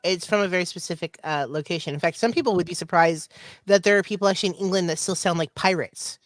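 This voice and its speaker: A man's voice: high voice, fast, no room sound. A man co-hosting a pop culture podcast, chatty and explanatory. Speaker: podcast co-host. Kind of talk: casual pop culture chat.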